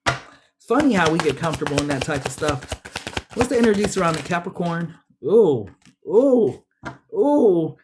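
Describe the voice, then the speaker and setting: A woman's voice: sits low, noisy background. A woman giving a casual tarot reading, chatty and slangy, speaking straight to her listeners and sounding a bit stuffy. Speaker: tarot reader.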